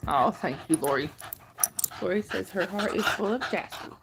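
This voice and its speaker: Gravelly-voiced middle-aged woman chatting. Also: mid-range voice, lively intonation, normal speed, heavy background noise. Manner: chatty, reads viewer comments aloud and coos at her dog. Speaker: livestream host chatting with viewers. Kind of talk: casual livestream chat.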